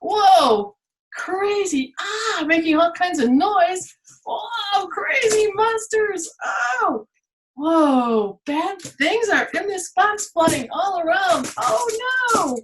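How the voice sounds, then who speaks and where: A woman's voice: fairly high pitch, lively intonation, slow pace, pauses often, a little hiss or hum. Woman playing Pandora, curious and vain. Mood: panicked. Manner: playful, theatrical, boastful. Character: curious, vain young woman from Greek myth.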